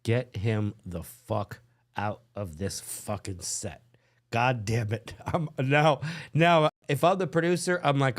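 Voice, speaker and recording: A male podcast host reacts to a video with crude, exasperated commentary, swearing and laughing. His voice is medium-pitched and unhurried.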